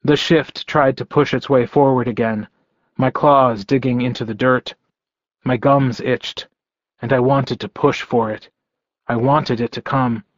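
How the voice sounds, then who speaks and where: A man narrating an audiobook in first person, with a slow, rhythmic, repetitive delivery. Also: mid-range voice, fairly even intonation, no echo, muffled recording.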